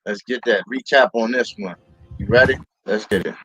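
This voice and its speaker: A man's voice: medium pitch, moderate pace, bright, forceful tone, a little hiss or hum. A man co-hosting a livestream with playful, hyped-up banter. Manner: playful hype-up talk. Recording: dull lo-fi audio.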